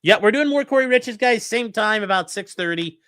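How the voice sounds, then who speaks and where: A man's voice: high voice, lively intonation, fairly quick, sharp tone, clear, resonant tone. A young man hosting a late-night livestream, joking crudely and reading chat messages aloud from home. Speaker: livestream host reacting to a trial.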